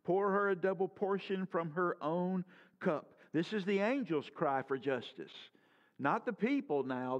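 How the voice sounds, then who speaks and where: On a dull, lo-fi recording, a preacher with a high voice asks heartfelt rhetorical questions in his sermon, lifting his pitch before letting it drop. His delivery is animated and a little slow.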